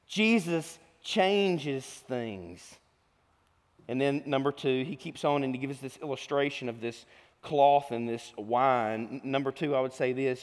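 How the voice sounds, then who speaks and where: A man preaching a sermon in a folksy, animated way. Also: high-pitched. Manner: animated, folksy, voices Jesus in quotes. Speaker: pastor. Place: church sanctuary. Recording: long hall reverb.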